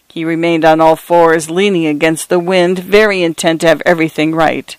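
High clear-voiced male storyteller. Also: flat delivery, dry recording, low-quality recording. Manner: dramatic, measured, lingering on phrases. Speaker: narrator. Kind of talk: storybook narration.

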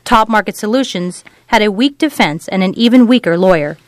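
Woman narrating a novel, measured read. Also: mid-range voice, expressive, no echo. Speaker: audiobook narrator. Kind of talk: scripted narration.

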